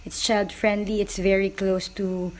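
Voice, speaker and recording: A woman's voice: mid-range voice, flat delivery, measured pace. A woman with a Filipino accent vlogging a trip casually, switching languages and laughing often. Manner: chatty, switching between English and Tagalog, laughing. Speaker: travel vlogger. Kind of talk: casual travel vlog. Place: outdoors in a city. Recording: loud outdoor noise and traffic.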